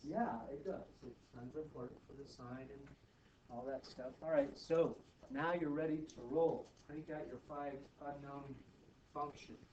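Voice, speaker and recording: A man teaching math to students, brisk and teasing, often checking in with quick questions. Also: a little high, steady tone, a little mellow. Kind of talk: classroom tutoring. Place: classroom. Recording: distant, muffled, noisy classroom recording.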